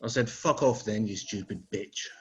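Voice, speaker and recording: Scottish guy doing filthy deadpan one-liners on a zoom call, muffled audio. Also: on the low side, moderate pace, husky. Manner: crude, swearing punchlines. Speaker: stand-up comedian. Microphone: video call. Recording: dull lo-fi video call audio.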